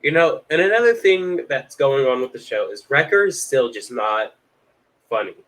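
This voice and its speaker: A man co-hosting a casual fan podcast, rambling with lots of fillers and getting excited. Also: mid-range voice, moderate pace, poor audio. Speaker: podcast co-host.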